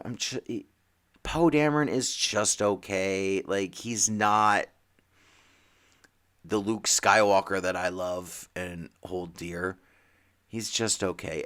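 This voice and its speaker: Rambling man chatting about comics. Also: fairly low pitch. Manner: rambling, animated, with many restarts and acted-out quotes. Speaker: podcast co-host. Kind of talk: casual chat about comics and TV.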